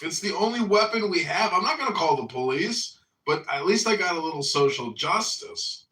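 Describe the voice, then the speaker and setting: A man with a Chicago accent talks in a lively, swooping voice with a bright edge. He is blunt and sarcastic in casual chat. The sound is an echoey phone line, picked up from well back. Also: normal speed. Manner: blunt, sarcastic, gets loud and high when ranting. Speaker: political candidate and streamer.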